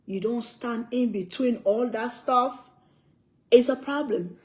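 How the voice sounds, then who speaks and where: Older woman from Africa, fairly high voice, emphatic casual talk, repeats herself. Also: slow pace, a little mellow, rough recording. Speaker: cooking vlogger. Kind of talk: casual chat while eating.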